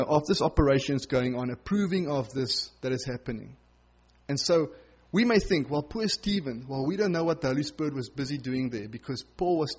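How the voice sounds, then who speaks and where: A man delivering a sermon with a slightly high, husky voice. He preaches earnestly and leans hard into his key points. The recording sounds dull and lo-fi.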